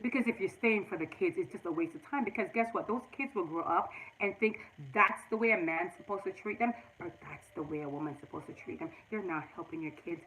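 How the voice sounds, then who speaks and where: A woman's voice: lowish voice, fairly quick, hardly any pauses, a bit bright, slight background noise, rough recording. A middle-aged woman hosting a casual livestream, earnestly giving relationship advice straight to her viewers. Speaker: livestream host.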